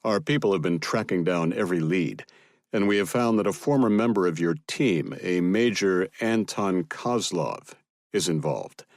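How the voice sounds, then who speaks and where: A man's voice: sits low, expressive, normal speed, no room sound, clean studio sound. A man voicing a blunt sergeant major who is firm, businesslike and insistent. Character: blunt American command sergeant major, pushy.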